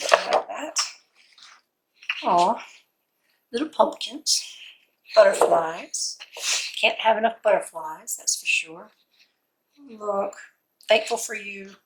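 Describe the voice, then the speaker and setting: A woman's voice: medium pitch, slow, pauses often, a little hiss or hum, rough recording. A woman unboxing a scrapbook kit in casual vlog commentary, gushing and cooing over each item, her voice a little worn as if she is losing it.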